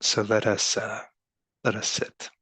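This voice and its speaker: Wry, soft-spoken male meditation teacher with a lowish voice and many pauses. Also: monotone, breathy edge, no room sound. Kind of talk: dharma talk.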